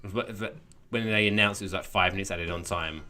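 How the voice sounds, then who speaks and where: A man co-hosting a casual football podcast, animated and jokey. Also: sits low, a little fast. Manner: animated, jokey, puts on voices for quotes. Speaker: podcast co-host.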